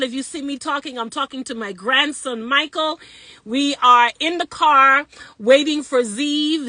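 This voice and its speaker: A woman's voice: sits high, pushed and bright, dry recording. An older woman hosting a casual live stream from a parked car on her phone, cheerfully greeting viewers in several languages. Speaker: social media live host.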